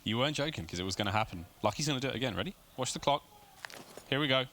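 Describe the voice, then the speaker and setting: A man calling play-by-play for a competitive video game match, rapid and rising to shouts on big plays, with game noise behind him. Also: mid-range voice, animated. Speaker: esports caster. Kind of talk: play-by-play commentary.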